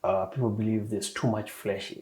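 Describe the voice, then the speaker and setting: A middle-aged man hosting a podcast interview, asking long, measured questions full of ums and uhs. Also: fairly low pitch, level tone, a little mellow, slight background noise, poor audio. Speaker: podcast host.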